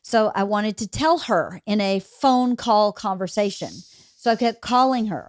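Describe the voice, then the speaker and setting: A woman's voice: mid-range voice, unhurried, no echo. A woman from Georgia hosts a podcast and tells her own family stories candidly, swearing now and then. Her voice sits in a middle register. The recording is dry and close, with no room sound. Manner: candid storytelling, swears casually. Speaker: podcast host. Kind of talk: casual conversation.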